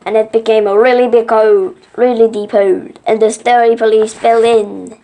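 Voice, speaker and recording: A woman reading a children's book aloud, slow and halting, with small slips. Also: on the high side, fairly even intonation, warm tone, a little hiss or hum. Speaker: reader.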